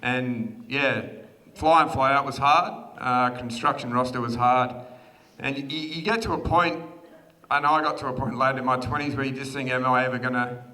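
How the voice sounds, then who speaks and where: At normal speed and with a steady tone, the Australian groom, in his thirties, speaks in a mid-range voice that's pushed and bright. He keeps his wedding speech chatty and self-deprecating, laughing often, while the crowd of guests chatters in the large hall.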